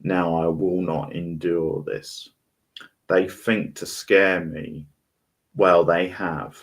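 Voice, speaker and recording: A man's voice: low voice, flat delivery, slow. A man reading the lines of a terrified young woman trapped in a haunted house, in a desperate, emphatic voice. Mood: frightened, desperate.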